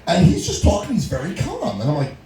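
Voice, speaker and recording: A man's voice: sits high, wildly swooping pitch, quick pace, dark tone, soft background music. Middle-aged man telling stories on stage. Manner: storytelling with frequent laughs and acted-out quotes. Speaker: stand-up comedian. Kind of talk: stand-up comedy set. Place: small comedy venue. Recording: echoey room recording.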